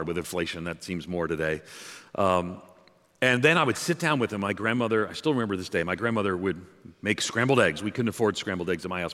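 A man's voice: low voice, fairly bright tone. A man from outside New York City preaching a sermon as pastor, emphatic and repetitive, with joking asides. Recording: long reverb of a large hall.

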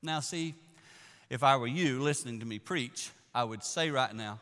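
A man preaching a sermon, telling the story in an animated way that swings from hushed to loud. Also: mid-range voice, moderate pace. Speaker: pastor. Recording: echoey hall.

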